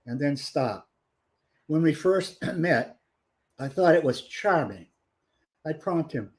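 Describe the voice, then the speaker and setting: A man author on a panel, hesitant at first, then reading a short story aloud in a measured way over a video call. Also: fairly high pitch, animated.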